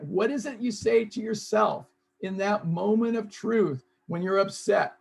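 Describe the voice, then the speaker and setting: A man's voice: sits high, a little slow, creaky, husky. A man leading an online seminar, coaxing his audience to join in. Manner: coaxing, urges audience to participate. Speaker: seminar leader.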